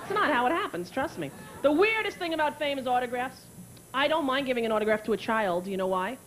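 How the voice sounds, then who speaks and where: Woman, stand-up comedian, sarcastic, profane, animated delivery, audience noise. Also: high-pitched, fast. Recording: live club with crowd laughter. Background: audience laughter.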